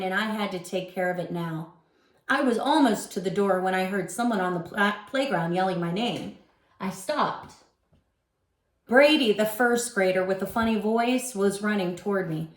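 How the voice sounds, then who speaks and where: A woman guest reader reading a children's chapter book aloud with expressive storytelling. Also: mid-range voice, moderate pace, echoey room.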